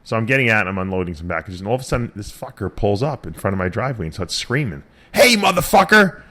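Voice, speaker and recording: Lower-voiced profane radio host. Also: male voice, animated, very fast, a bit bright. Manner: profane, rambling storyteller. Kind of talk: casual radio chat.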